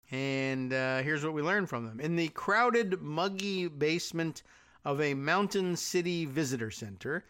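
A man's voice: fairly high pitch, pushed and bright, smooth. A middle-aged man hosting a political talk show, reading news coverage aloud with sarcastic, wry asides. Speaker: podcast host.

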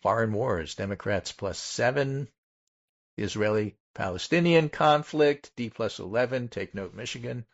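A man with a mid-range, creaky voice and lively intonation hosts a casual political talk show, reading poll findings aloud. He is methodical as a political podcast host, pausing to stress each number in turn. The audio has its highs cut off.

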